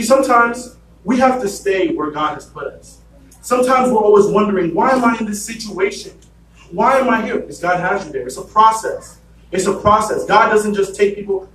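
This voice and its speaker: A man's voice: high-pitched, distant mic, a little hiss or hum. A man preaching a sermon in a church, telling a story and acting out what the characters say. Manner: storytelling, acts out voices of the characters. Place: church sanctuary. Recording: echoey church room from afar.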